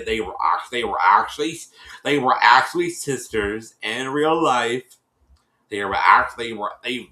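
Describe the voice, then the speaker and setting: Guy retelling a tv episode all chatty and rambly, bright voice, echoey room. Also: medium pitch. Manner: rambling storyteller, many restarts, acts out quotes. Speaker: show reviewer. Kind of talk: casual recap of a TV episode.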